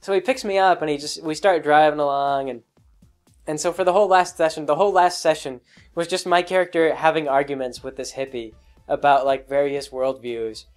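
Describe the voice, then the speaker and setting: A man's voice: a little high, fairly even intonation, a little fast, soft background music. A man hosting a podcast, casually telling a long story about a past role-playing game, rambling with many fillers and restarts. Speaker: podcast host.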